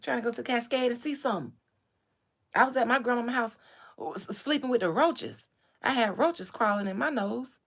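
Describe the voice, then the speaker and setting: A woman putting on the voice of a swaggering young man who taunts loudly and keeps calling people shawty. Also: on the high side, a little fast. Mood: bragging. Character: brash young Atlanta man, taunting and boastful.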